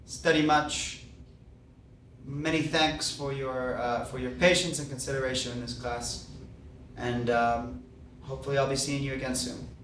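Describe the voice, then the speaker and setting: A man's voice: mid-range voice, flat delivery, a little slow, fairly bright tone. A man teaching a Spanish grammar lesson, explaining step by step with patient fillers. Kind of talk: recorded classroom lecture. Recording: echoey room, voice far from mic, faint hiss.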